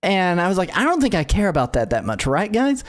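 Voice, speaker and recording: A man's voice: high voice, wildly swooping pitch, fairly quick. A man in his thirties, co-hosting a podcast in casual chat, telling a long story with lots of fillers and acted-out quotes. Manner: rambling storyteller, acts out quotes. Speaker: podcast co-host.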